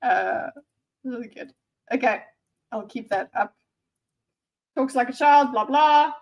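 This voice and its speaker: Sarcastic high-voiced woman streamer. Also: slow, highs cut off. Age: 30s. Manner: sarcastic, teasing, animated. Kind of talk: live reaction commentary.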